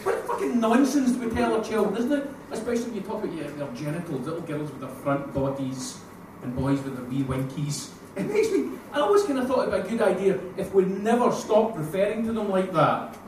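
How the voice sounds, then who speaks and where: Scottish male stand-up, high voice, crude and animated, distant echoey live room with noise. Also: a little fast. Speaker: stand-up comedian. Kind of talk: stand-up comedy set. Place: live comedy venue with audience. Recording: echoey room, mic heard from far off, noisy.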